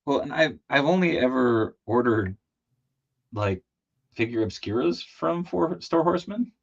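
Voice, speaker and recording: A man chatting casually while painting a toy figure on a livestream, laughing and lively as he tells stories. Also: measured pace, vocal fry. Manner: animated, laughing, jumps into high excited voices when telling stories. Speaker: co-host of a toy customizing livestream. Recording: slightly dull lo-fi stream audio.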